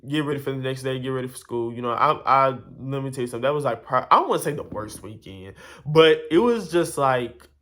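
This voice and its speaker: A man's voice: mid-range voice, quick pace, few pauses. A man telling a personal story to camera in a casual, rambling way, exasperated and full of asides to his viewers. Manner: rambling, animated, exasperated retelling with many asides.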